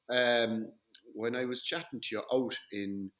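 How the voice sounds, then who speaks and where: Host: man, mid-pitched, chatty, teasing. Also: very animated, moderate pace, pushed and bright. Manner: chatty, leading questions, friendly teasing. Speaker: interview host. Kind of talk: casual interview chat.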